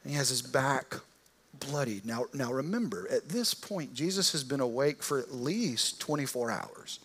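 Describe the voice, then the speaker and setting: A man's voice: medium pitch, lively intonation, unhurried, a bit bright, breathy edge. Casual storytelling male preacher. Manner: casual storytelling, vivid and conversational. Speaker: pastor. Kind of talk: sermon.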